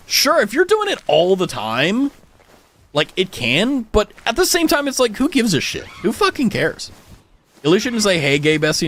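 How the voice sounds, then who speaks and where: A young adult man with an American accent, a streamer telling stories in casual chat with his viewers, full of fillers and swearing. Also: fairly high pitch. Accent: General American. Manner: animated storytelling, frequent swearing, many fillers.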